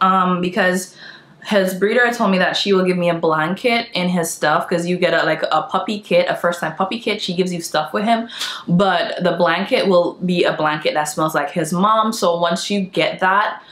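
A woman's voice: on the low side, a bit bright, reverberant. A young woman chatting casually to her viewers in a home vlog, gushing over each thing she shows. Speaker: vlogger. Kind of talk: casual haul vlog chat.

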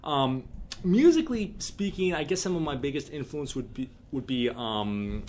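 A man's voice: mid-range voice, lively intonation, moderate pace, darkish tone, a little hiss or hum. A man talking casually as a guest musician in a radio studio, chatty and rambling with self-deprecating jokes, into a studio microphone. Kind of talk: casual radio interview chat.

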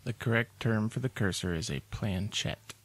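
Husky-voiced man chiming in on a podcast. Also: on the low side, normal speed, no echo. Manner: brief interjections and trivia asides. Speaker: podcast co-host. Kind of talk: casual movie chat.

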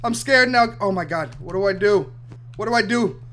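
A young man hosting a gaming channel, giving excited commentary over his play, swinging between loud outbursts and quiet mumbled asides. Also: high-pitched, moderate pace.

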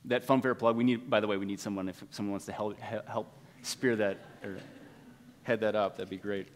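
A man's voice: fairly low pitch, fairly even intonation, a little fast, a little hiss or hum. Impassioned male preacher in reverberant hall. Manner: impassioned preaching, swings from loud urging to hushed. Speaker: pastor. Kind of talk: sermon. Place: church sanctuary.

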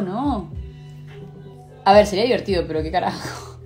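A woman's voice: mid-range voice, animated, quick pace, long pauses, darkish tone, faint music behind. A young woman live-streaming, casually chatting and swearing as she answers viewer questions, switching between Spanish and English.

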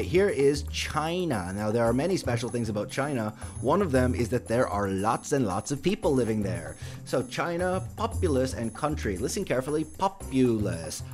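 A man teaching an English lesson to learners, speaking slowly and stressing words carefully. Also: mid-range voice, a little mellow. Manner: slow, careful pronunciation with emphatic stress.

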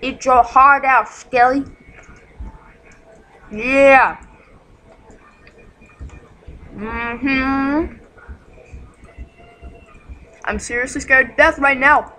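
A woman with a raised, girlish pitch talks through her game slowly, stretching out her words. She is jumpy and excitable and trades insults with on-screen monsters. A faint hiss of noise sits under her home desk mic. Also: poor audio. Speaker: gaming channel host. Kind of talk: casual gameplay commentary.

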